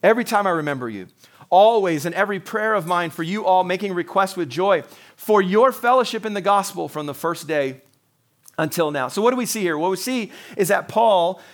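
High-voiced man preaching a sermon. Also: a bit bright. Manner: earnest, quotes scripture in character, chuckles often.

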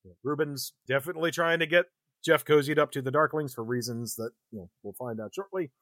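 A man hosting a podcast, recapping a film in casual chat, animated and quick to laugh. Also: on the high side, no room sound, clean studio sound. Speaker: podcast host.

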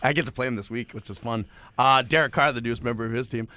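A man co-hosting a sports podcast, animated and teasing as he makes his game picks. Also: mid-range voice, quick pace, no echo. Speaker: podcast co-host. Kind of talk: casual sports podcast chat.

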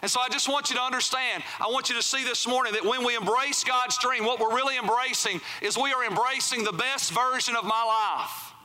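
A man's voice: very high voice, brisk, few pauses, bright, forceful tone. A male pastor preaching a sermon in church, talking conversationally and often asking the congregation "right?". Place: church sanctuary.

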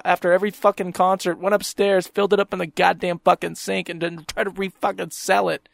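A man's voice: high voice, level tone, brisk, gravelly, hardly any pauses, no echo. A young man hosting a podcast, ranting and swearing in an exasperated monologue. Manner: exasperated, swears constantly, mocks people in quoted voices. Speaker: podcast host.

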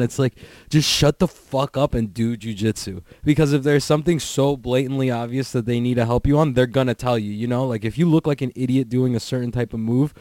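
A man's voice: medium pitch, steady tone, fairly quick, darkish tone, no echo. A man hosting a podcast alone, chatting casually in a rambling, profane way full of "like" fillers. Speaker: podcast host. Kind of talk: casual solo podcast chat.

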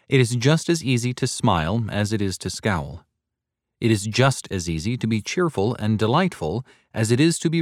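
A man with a fairly low voice reads a devotional sermon aloud in an earnest, deliberate way, slowing down to stress key points. The sound is dry and close, with no room echo. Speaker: reader of a devotional text. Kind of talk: measured reading of a soul-winning sermon.

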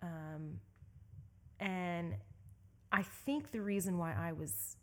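Woman, young adult, from Southeast Texas, interview guest, animated storyteller, laughs a lot. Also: on the low side, takes it slowly. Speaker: guest, endurance bike racer.

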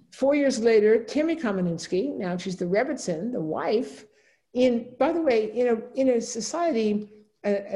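A woman's voice: medium pitch, dark tone. A woman giving a lecture, talking her audience through slides in a loose, conversational way with frequent asides and fillers.

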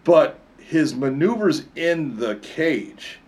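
A man's voice: fairly high pitch, slow. Chatty man telling fight stories. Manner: animated storyteller, laughs often. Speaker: co-host, fight commentator. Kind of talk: casual chat.

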